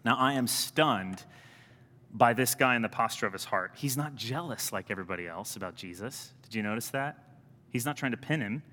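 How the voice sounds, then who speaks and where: Animated preaching man in a big hall. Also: mid-range voice, brisk. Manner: conversational, animated preaching with rising emphasis. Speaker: priest. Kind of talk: sermon.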